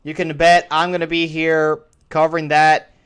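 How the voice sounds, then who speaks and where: Brief: male host, solo sports opinion show, smooth voice, slightly high, rambling restarts. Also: monotone, normal speed, fairly bright tone. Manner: rambling, restarts phrases often. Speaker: podcast host.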